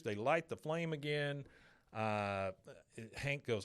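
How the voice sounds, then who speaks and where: A man's voice: mid-range voice, lively intonation, moderate pace. Man retelling a cartoon episode. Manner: retells scenes, briefly acting out the characters' lines. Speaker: podcast co-host. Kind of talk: casual chat recapping a cartoon episode.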